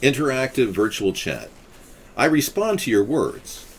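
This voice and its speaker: A man hosting a casual livestream chat, musing in a deadpan, mock-guru manner. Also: mid-range voice, a little slow, slightly rough. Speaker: livestream host.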